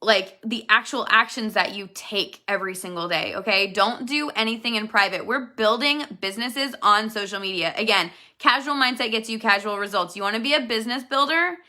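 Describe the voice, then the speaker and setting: A woman's voice: fairly high pitch, fairly quick, hardly any pauses, pushed and bright. A woman in her thirties giving her business team an earnest, emphatic motivational talk, repeating her key points. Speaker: network marketing team leader.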